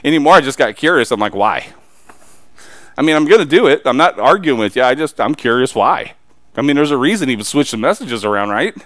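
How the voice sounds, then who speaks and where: A man's voice: medium pitch, lively intonation, quick pace, fairly bright tone, no echo. A man preaching a sermon, emphatic and pressing the congregation with rhetorical questions.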